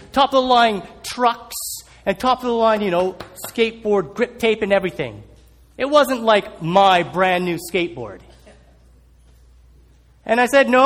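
A man telling a personal story as a sermon, animated and acting out scenes. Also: high-pitched, big-room sound.

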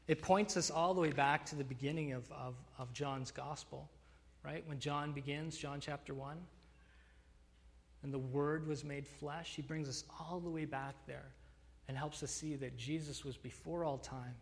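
A man's voice: on the high side, fairly even intonation, normal speed. Earnest man preaching in a reverberant hall. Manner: earnest, emphatic, with fillers and restarts. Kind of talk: sermon.

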